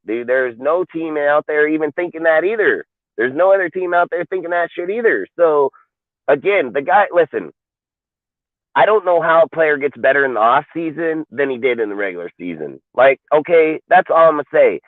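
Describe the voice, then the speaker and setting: A man's voice: a little high, animated, normal speed, dry recording. A man ranting about football on a livestream talk show, emphatic and full of profanity. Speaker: podcast co-host. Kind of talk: heated sports talk rant. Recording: tinny phone-like line, dry.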